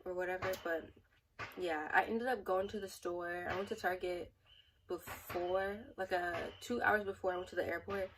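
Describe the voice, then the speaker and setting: A woman's voice: on the low side, fairly even intonation, normal speed, recorded from a distance, background noise. A young woman in a casual storytime vlog, rambling and chatty with many fillers. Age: young adult. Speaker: vlogger.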